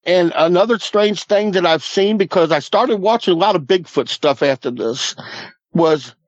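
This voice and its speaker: Man, fifties, slightly high voice, earnest folksy storyteller, dry lo-fi audio. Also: normal speed, dry recording. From Southwest Missouri Ozarks. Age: 50s. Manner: earnest, folksy, repeats "I said" and "he goes". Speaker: guest. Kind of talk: recounting a personal encounter.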